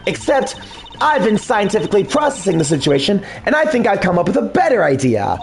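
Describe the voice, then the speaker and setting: A man voicing an excitable young woman who loves science, eager and chirpy, in a fan dub of a video game. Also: high-pitched, a little fast, slight background noise, exaggerated voice.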